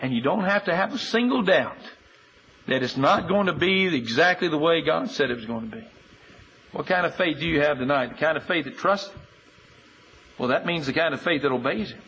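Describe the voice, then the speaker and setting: Emphatic high-voiced man preaching a sermon. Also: a little fast, gravelly, a little hiss or hum, rough recording. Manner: earnest, emphatic, rises and falls between loud urging and quiet appeal; cites chapter and verse in steady lists.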